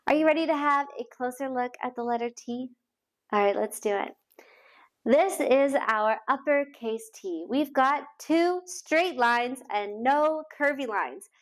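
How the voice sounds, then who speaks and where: A young woman teaching a phonics lesson to small children, speaking slowly and encouragingly and sounding out letters. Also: high voice. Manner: slow, sing-song and encouraging, sounding out letters.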